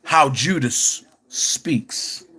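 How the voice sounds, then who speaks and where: A man hosting an online commentary show, speaking in a casual, emphatic way with drawn-out phrases. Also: mid-range voice, pushed and bright, husky. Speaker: commentary channel host.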